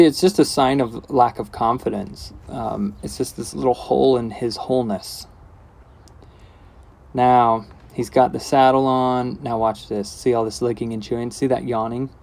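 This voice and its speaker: Male trainer, mid-range voice, calm hands-on teaching commentary with casual asides. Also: medium pitch. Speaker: horse trainer. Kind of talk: instructional commentary while working.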